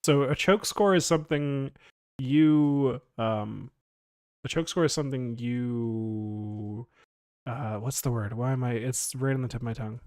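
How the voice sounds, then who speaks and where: A man's voice: mid-range voice, a little mellow, clean tone, no room sound, clean studio sound. A man running a tabletop role-playing game as game master, often stopping to search for his words. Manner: halting, searches for words mid-sentence.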